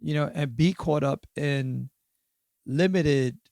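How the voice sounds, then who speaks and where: A man's voice: on the high side, takes it slowly, vocal fry, darkish tone, no room sound, studio quality. A man in his fifties, a podcast guest and author, talking through his experiences in a reflective way, often checking in with "right?" and "you know". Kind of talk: casual interview conversation.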